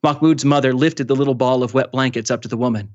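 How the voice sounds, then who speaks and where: Male author reading aloud, steady narration, a bit dull and dry in sound. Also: medium pitch, fast talker, dry recording. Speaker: author reading his book.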